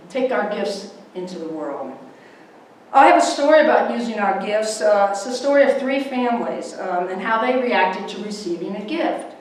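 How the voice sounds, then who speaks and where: A woman gives a Sunday talk in a church, lively and anecdotal, putting on voices for the people in her stories. Her voice is picked up from some way off in a very reverberant sanctuary. A faint hum of the room sits behind her. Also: medium pitch, moderate pace. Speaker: guest speaker. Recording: echoey hall, mic from far off.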